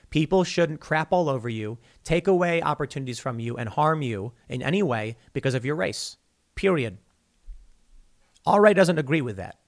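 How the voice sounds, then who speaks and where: A male podcast host giving a heated monologue, animated and stammering often as he restarts his sentences. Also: a little high. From United States.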